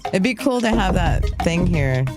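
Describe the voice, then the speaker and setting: A woman's voice: on the low side, expressive, normal speed, loud music behind the voice. A woman hosting a live news talk show in a casual, rambling way, with many fillers and restarts. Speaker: host.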